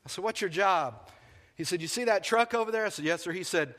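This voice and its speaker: A man delivers a storytelling sermon as a pastor, playing out the dialogue with lively energy. His voice is high and bright. The sound carries a long reverb from a church sanctuary. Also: brisk, pauses often. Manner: animated storyteller acting out dialogue.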